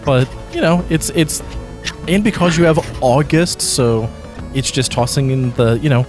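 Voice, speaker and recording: A man's voice: mid-range voice, unhurried, faint music behind. A man hosting a casual podcast chat, laughing often and restarting his sentences. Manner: laughing, animated, trailing restarts. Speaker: podcast host.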